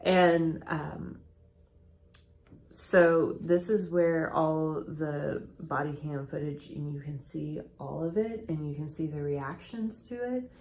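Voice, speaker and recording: A woman's voice: deep voice, takes it slowly, a little mellow. A woman co-hosting a podcast, chatting casually as she tells a true-crime story and acts out quotes from the people in it. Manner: chatty, recounts events with quoted voices.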